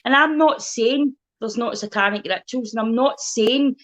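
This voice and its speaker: A woman with an Ayrshire Scottish accent, a stand-up comedian chatting as a guest, telling animated stories full of swearing and put-on voices. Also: a little high, normal speed. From Scotland. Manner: animated storytelling, acts out voices, swears freely. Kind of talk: casual chat.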